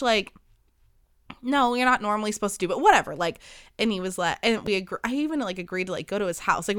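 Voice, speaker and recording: A woman's voice: medium pitch, fairly bright tone, smooth, no echo, clean studio sound. A woman in her twenties hosting a podcast, telling a dating story in a casual monologue, full of "like" fillers and swearing, acting out the dialogue she quotes. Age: 20s. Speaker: podcast host.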